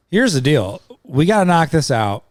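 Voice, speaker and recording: A man's voice: on the high side, huge pitch swings, a little slow, slight background noise. A man co-hosting a casual podcast, loose and joking, with swearing. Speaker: podcast co-host. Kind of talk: casual drunk podcast banter.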